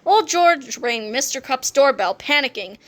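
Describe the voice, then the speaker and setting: A woman narrating a children's book aloud in an expressive reading voice. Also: high-pitched, a little slow.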